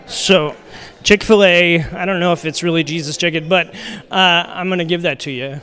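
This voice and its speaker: In a church sanctuary, a pastor preaches a casual, conversational sermon full of fillers and restarts. His voice is a little high, bright and forceful, with a steady tone and moderate pace, and a large hall's long reverb surrounds it.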